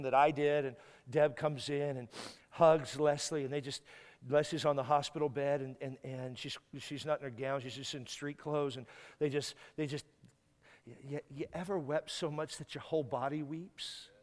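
A man's voice: on the high side, clean tone. Tearful man preaching in a reverberant hall. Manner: halting, repeats words when moved. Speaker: guest pastor. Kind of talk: emotional sermon storytelling.

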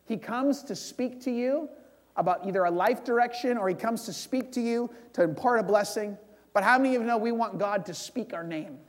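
A man with a high voice preaches a sermon. He talks to the congregation as if chatting, leads them in prayer and slips into short acted-out lines of dialogue. His voice rings with the long echo of a big church hall. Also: brisk.

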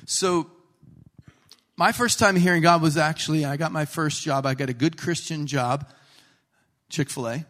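A man's voice: on the high side, normal speed, long pauses. A man preaching a sermon in a humorous storytelling way, acting out the people he quotes. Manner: animated, jokey, acts out quotes.

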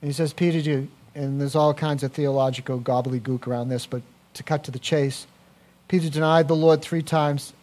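A man preaching a sermon as a pastor, animated, swinging from quiet to loud with personal asides. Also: fairly high pitch, fairly quick.

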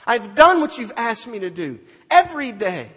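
A preacher acting out a bitter, resentful older brother, loud and exasperated, with a husky voice in a reverberant hall. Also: male voice, high voice, animated, measured pace, exaggerated voice. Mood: indignant. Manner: loud, indignant, exasperated outbursts.

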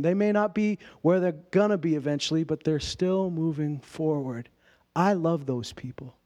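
Male pastor with a high voice, informal sermon delivery, asks rhetorical questions and acts out quoted lines. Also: warm tone.

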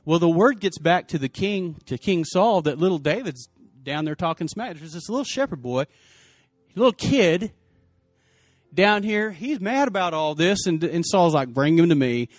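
A male pastor preaching a sermon, telling the story in lively, casual slang and acting out the people's lines. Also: sits high, normal speed, no room sound, clean studio sound, faint music behind.

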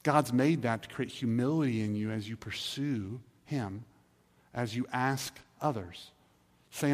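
A man preaches from the pulpit in a sanctuary, his voice carrying a long echo through the hall. He pleads and reasons in a loose, conversational way, slipping into quick acted asides. His pitch sits in a plain middle range. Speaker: pastor. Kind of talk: sermon. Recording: reverberant hall.

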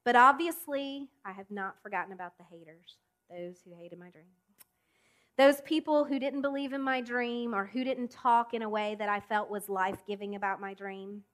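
A woman's voice: mid-range voice, fairly even intonation, fairly bright tone. Emphatic woman preaching a sermon. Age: adult. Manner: emphatic, with deliberate pauses and rising appeals.

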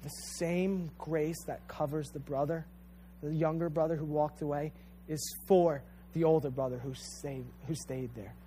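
A male preacher delivering an earnest, emphatic sermon that circles back on its phrases. His voice sits a little on the high side. A faint hum lies underneath. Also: fairly even intonation, measured pace, dark tone. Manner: addresses listeners directly as "you guys".

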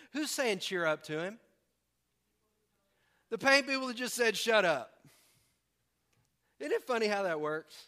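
A man from the preaching a sermon, animated and acting out voices with humor. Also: high-pitched, takes it slowly, long pauses. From American South. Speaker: pastor.

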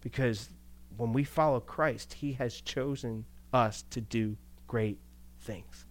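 Animated male pastor preaching conversationally. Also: mid-range voice, slow. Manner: animated, rhetorical questions, chuckles. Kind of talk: conversational sermon.

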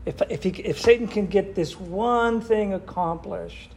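High-voiced man leading a Bible study. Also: unhurried, gravelly, slight background noise. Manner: asks the group questions, repeats answers back. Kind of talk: interactive Bible study teaching.

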